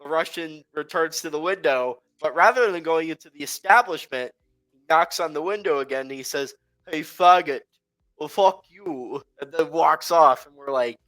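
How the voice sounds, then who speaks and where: A man's voice: on the high side, fairly quick, bright, forceful tone, poor audio. A man co-hosting a casual chat, telling a travel story with lots of fillers and laughter. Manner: rambling, filler-heavy, laughs while telling. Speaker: podcast co-host.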